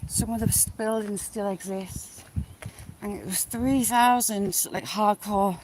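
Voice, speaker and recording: A woman's voice: mid-range voice, a little slow, poor audio. A woman chatting casually to viewers as she walks through the countryside, rambling and talking to the animals she passes. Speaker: vlogger walking outdoors. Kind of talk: casual live walking chat. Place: outdoors in the countryside, windy. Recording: loud wind noise outdoors.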